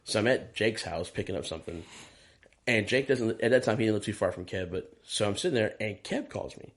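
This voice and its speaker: A man's voice: fairly low pitch, brisk. A man, a touring drummer, telling stories in a casual interview, swearing freely and acting out what people said to him. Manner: animated, profane, acts out quoted dialogue. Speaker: touring and session drummer, guest.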